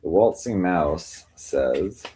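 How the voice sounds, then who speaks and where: A man hosts a casual livestream from home and reads strange fortune cards aloud. His voice sits low and mellow. He rambles, piles up fillers, and reels off lists of meanings. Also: expressive, extremely slow, slight background noise, rough recording. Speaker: livestream host reading cards.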